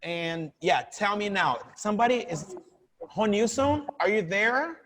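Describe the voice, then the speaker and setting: A man's voice: high voice, animated, measured pace, fairly bright tone. A man teaching a live online English class, encouraging and drilling pronunciation with his students. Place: room with lighting setup, filmed on laptop. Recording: reverberant room.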